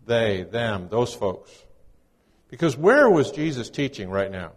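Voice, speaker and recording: A man's voice: medium pitch, big pitch swings, a little slow, in a large hall. A man delivering a conversational, folksy sermon as a guest preacher, mixing scripture readings with casual teaching. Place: church.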